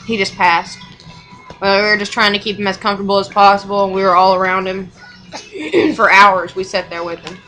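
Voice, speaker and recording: A woman's voice: medium pitch, sharp tone, poor audio. A young mother telling a personal story in casual chat, rambling and frank, with swearing and short laughs.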